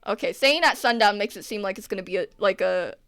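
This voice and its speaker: A woman's voice: medium pitch, fast, a bit bright, smooth, dry recording. A woman in casual chat, joking, swearing and laughing often.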